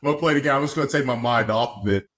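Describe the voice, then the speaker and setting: A man's voice: mid-range voice, racing, fairly bright tone. A man in his twenties, a podcast guest, telling a story casually with easy laughs. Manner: laid-back, laughs often, fillers like "man". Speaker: podcast guest, football player.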